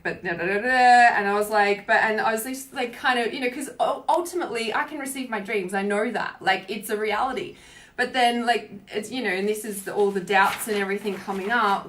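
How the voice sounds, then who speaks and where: Woman, livestream update, rambling, filler-heavy, swears, slightly higher pitch. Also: a bit bright. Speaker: spiritual coach.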